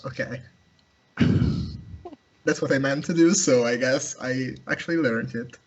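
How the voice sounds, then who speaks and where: A man's voice: medium pitch, unhurried. A man speaking English as a non-native speaker in a casual gaming chat, joking and laid-back. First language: not English. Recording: dull noisy voice-chat mic.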